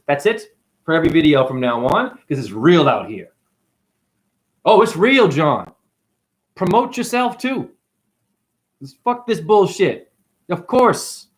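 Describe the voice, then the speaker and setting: A man vlogging a rambling, profane spiritual rant, preaching with big swings in pitch. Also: a bit bright.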